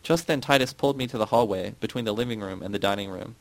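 A man narrating a novel in a measured reading voice, giving the characters' quotes a light touch. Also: lowish voice, dry recording, low-quality recording. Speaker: audiobook narrator. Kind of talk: scripted narration.

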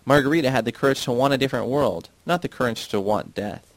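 A man reads a novel aloud in an earnest, measured way. His voice sits at an ordinary pitch for a man. The sound is dry and close, with no room around it. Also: no room sound. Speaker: audiobook reader.

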